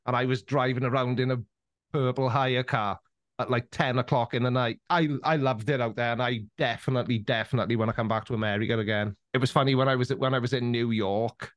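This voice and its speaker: A Welsh man chatting as a podcast guest, telling anecdotes with lively energy and frequent restarts. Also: mid-range voice, fast talker, dry recording. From Wales. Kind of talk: casual interview chat.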